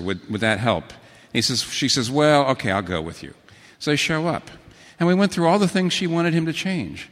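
A middle-aged male pastor delivering a sermon, his voice leaping between soft, low asides and lifted, emphatic questions. He tells stories and reads quotations aloud, and the sound carries the long reverb of a big church hall. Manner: animated storytelling with sudden pitch swings and quotations.

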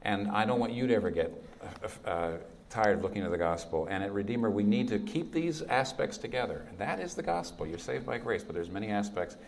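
A male pastor with a fairly low voice gives an earnest sermon. He presses his points with emphasis and then drops to a quiet, firm tone to land the main ideas. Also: expressive, a little fast, vocal fry, slight background noise.

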